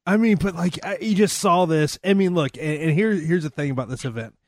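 A man's voice: a little high, brisk, dry recording, studio quality. A man co-hosting a podcast, chatting casually and laughing as he reads out a press release. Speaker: podcast co-host.

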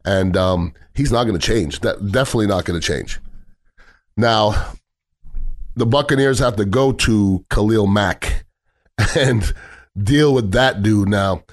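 A man's voice: on the low side, unhurried, pauses often. A middle-aged man giving a blunt, heated sports talk rant on football, swearing freely and repeating himself as he drives his points home.

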